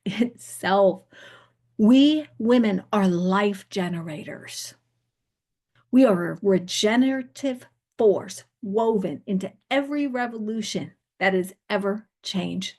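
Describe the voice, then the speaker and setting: A woman preaching a spiritual sermon in a slow, meditative, incantatory way, repeating phrases and often sinking to a soft near-whisper. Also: medium pitch. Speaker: pastor.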